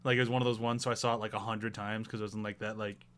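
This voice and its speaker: A man hosting a casual film review chat, animated and laughing often, acting out movie quotes. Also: lowish voice, rapid-fire, clean tone. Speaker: podcast host.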